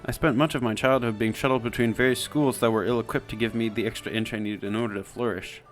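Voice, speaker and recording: A man's voice: mid-range voice, fairly even intonation, fast, faint music behind, natural voice. A man voicing a frail, genteel young woman student, speaking in a prim, formal, overly polite way. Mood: earnest.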